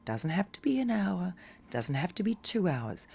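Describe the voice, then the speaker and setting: A woman's voice: lowish voice, very animated, normal speed, creaky, dark tone, slightly rough. A woman teaching about coping with crisis in a casual, encouraging talk, speaking straight to the listener and sometimes dropping to a whisper. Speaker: meditation teacher.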